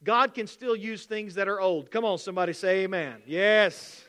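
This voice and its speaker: A male pastor preaching a sermon, animated, acting out the voices of skeptics and shop clerks. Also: high voice, normal speed.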